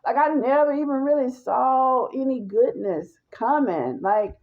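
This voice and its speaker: A woman tells her personal testimony in an emphatic way and keeps turning to her listeners. Her voice has a gravelly fry, and the recording sounds dull and lo-fi. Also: high-pitched, measured pace. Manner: emphatic, speaks straight to listeners as y'all.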